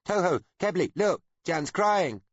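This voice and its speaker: A man voicing a spiteful young child who keeps taunting, with a husky edge. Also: medium pitch, sing-song, a little fast, no room sound, lo-fi sound, pitched above the performer's own voice. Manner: taunting, insistent.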